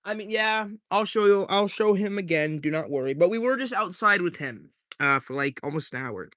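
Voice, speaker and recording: A man's voice: sits high, animated, brisk, fairly bright tone, no room sound, studio quality. A young man chatting casually on a live stream, rambling and joking as he reads the chat aloud.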